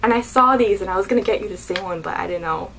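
A young woman vlogging as she unboxes beauty products, gushing and excitable. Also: medium pitch, quick pace, vocal fry, background noise. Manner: gushing, excitable, keeps saying oh my god. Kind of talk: unboxing vlog.

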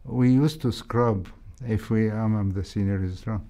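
An older man, a heart surgeon with an Egyptian accent, recalling his training in a reflective interview, speaking in a measured way with frequent hesitations. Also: lowish voice, dark tone. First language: Arabic.

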